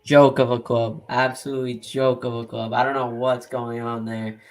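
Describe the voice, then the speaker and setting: A man's voice: medium pitch, little pitch movement, moderate pace. A man speaking emphatically and with exasperation in a casual sports podcast.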